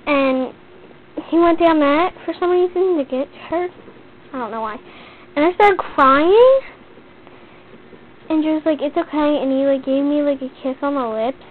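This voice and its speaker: A woman's voice: high-pitched, lively intonation, a little slow, pauses often. A teenage girl telling a long story in a chatty, rambling way, full of "like.". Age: teens. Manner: chatty, rambling, heavy use of "like". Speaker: vlogger. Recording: tinny lo-fi webcam audio with faint hiss.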